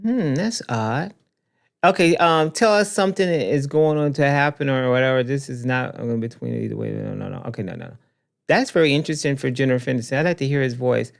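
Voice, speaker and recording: A man hosts a loose commentary show, reacting to news clips as he scrolls through them. His pitch swings widely and he keeps repeating phrases for emphasis. He talks straight to his viewers in an off-the-cuff way. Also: brisk, gravelly. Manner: animated, repeats himself, talks to viewers directly.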